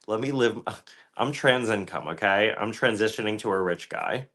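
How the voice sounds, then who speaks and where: A man's voice: fairly low pitch, moderate pace. Campy sarcastic man on a podcast. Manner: campy, sarcastic, deadpan jokes. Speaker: podcast host. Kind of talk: crude comedic podcast banter.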